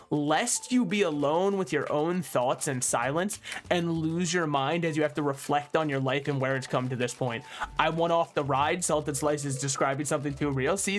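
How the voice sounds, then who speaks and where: A man's voice: on the high side, a bit bright. A young man rambling and joking as he streams a game, laughing often. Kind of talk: rambling live-stream commentary while gaming.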